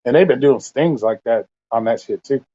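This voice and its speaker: A man's voice: mid-range voice, moderate pace, dark tone, muffled recording. Blunt, profane man ranting on a livestream. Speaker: livestream host. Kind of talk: casual livestream rant.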